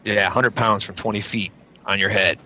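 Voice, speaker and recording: A man's voice: on the low side, steady tone, moderate pace, sharp tone, a little hiss or hum. A young man telling a rambling, profane story on a casual group podcast, acting out the voices of the people in it. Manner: rambling, profane, acts out voices in his stories. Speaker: podcast co-host.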